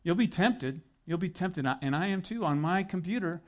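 A man's voice: high-pitched, expressive, moderate pace. A middle-aged man preaching a sermon as pastor, conversational and earnest with joking asides.

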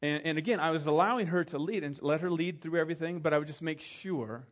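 A man's voice: a little high, quick pace. Conversational man preaching a sermon. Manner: conversational storytelling, acts out quoted voices, drops soft for emphasis. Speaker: pastor.

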